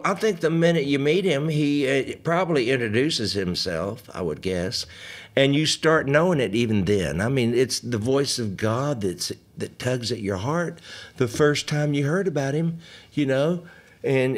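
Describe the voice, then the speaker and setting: A man's voice: mid-range voice, expressive, a little slow. An older man, hosting a live stream in a folksy, joking way and chatting with viewers. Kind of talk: casual live-stream chat and hymn singing.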